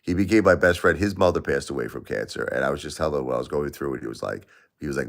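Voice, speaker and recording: Deep-voiced grieving man livestreaming. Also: very fast, vocal fry. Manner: grieving, repeats himself, emotional swings. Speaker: livestream host. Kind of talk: emotional livestream talk to viewers.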